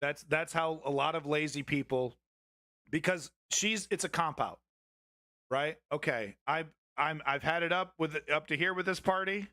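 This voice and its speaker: A man's voice: fairly high pitch, moderate pace, sharp tone, dry recording, studio quality. A young man hosting a live political news stream, talking to his chat in a blunt, profane, confrontational way.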